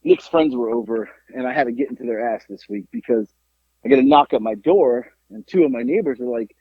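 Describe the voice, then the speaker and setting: A middle-aged man telling a story in a casual podcast chat, animated and profane. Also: medium pitch, fast talker, slightly rough, no room sound. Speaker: podcast co-host. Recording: dull lo-fi podcast audio.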